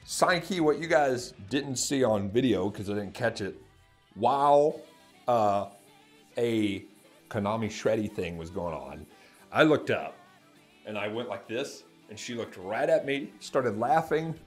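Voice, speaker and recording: A man hosting a music reaction channel, telling an excited story to camera, laughing often and breaking into shouts. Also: lowish voice, measured pace.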